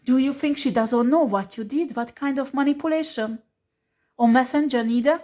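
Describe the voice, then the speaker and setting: A woman's voice: high-pitched, moderate pace, dark tone. Scolding, foul-mouthed woman tarot reader. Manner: scolding, blunt and profane; emphatic, repeats rhetorical questions. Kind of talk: tarot card reading.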